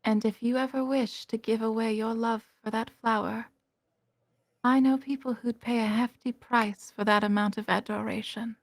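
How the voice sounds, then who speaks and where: A woman's voice: fairly high pitch, steady tone, moderate pace, dry recording. A sly dandelion creature, as a woman puts it on. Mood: tempting. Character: sly dandelion creature with big orb eyes, bargaining.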